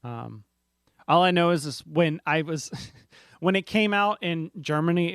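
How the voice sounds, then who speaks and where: A man's voice: on the high side, lively intonation, unhurried, fairly bright tone, clean tone, no echo, studio quality. A man co-hosting a casual board game podcast, rambling and often restarting his sentences. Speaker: podcast co-host.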